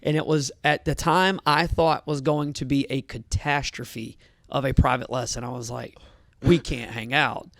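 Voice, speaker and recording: A man who coaches at a gym, telling a story in casual podcast chat, animated, swearing and saying "dude" a lot. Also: mid-range voice, normal speed, no echo, studio quality.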